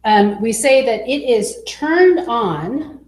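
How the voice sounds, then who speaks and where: A woman teaching a biology class, explaining slowly and checking in with her students as she goes. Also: fairly high pitch, lively intonation, darkish tone. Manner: slow, explanatory, checks in with okay. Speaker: biology instructor. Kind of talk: classroom lecture. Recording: echoey classroom with faint noise.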